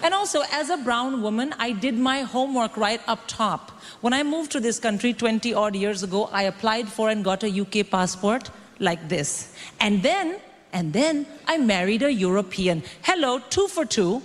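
A woman in her forties doing a stand-up comedy set, brash and animated, acting out the people she quotes. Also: fairly high pitch, normal speed. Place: comedy stage before a live audience. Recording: stage mic in a reverberant hall with audience noise.

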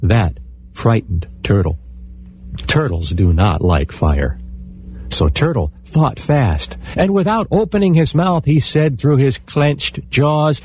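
A man telling a folktale aloud in an expressive, animated way. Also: medium pitch, takes it slowly, a little hiss or hum. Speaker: storyteller. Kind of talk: oral folktale storytelling.

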